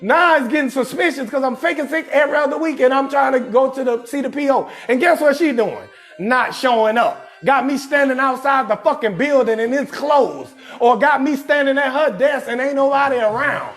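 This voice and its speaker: A man comedian hosting his show, telling a profane comic story in a loud, emphatic way and often shouting his punchlines. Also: very high-pitched, fairly quick. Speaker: comedian host.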